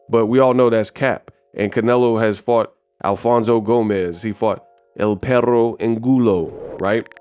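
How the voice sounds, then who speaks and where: A man hosting a casual boxing news channel, giving animated, emphatic commentary and repeating words for stress. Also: fairly low pitch, clear, resonant tone.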